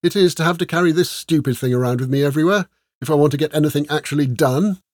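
A man's voice: fairly quick, a little mellow, no room sound, studio quality, close to an everyday voice. A man reading a story aloud, putting on the voice of an exasperated, short-tempered young noblewoman who scolds emphatically. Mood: irritated. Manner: scolding, emphatic and raised in pitch.

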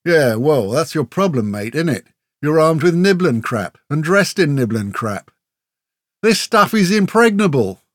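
A man voicing a short, older woodsman who mocks calmly in laid-back slang. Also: fairly high pitch, normal speed, no echo, studio quality, pitched above the performer's own voice. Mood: amused. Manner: mocking, laid-back, working-class slang. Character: short older male woodsman, amused and unflappable.

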